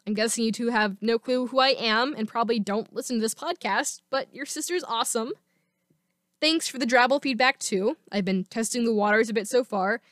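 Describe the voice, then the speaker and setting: Woman podcast host, upbeat fan chatter, bright-pitched, close dry mic. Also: dry recording. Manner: chatty and enthusiastic. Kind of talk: casual solo podcast talk.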